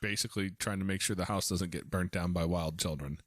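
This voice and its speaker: A man's voice: low-pitched, fairly quick. A man hosting a podcast as a foster parent, telling stories casually with lots of restarts. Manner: storytelling, animated, frequent restarts.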